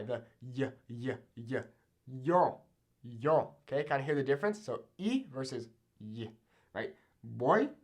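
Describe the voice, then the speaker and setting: A young man teaching Spanish pronunciation in a casual video lesson, with a Mexican Spanish accent in his Spanish words and an animated manner, checking in with frequent "okay?". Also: a little high.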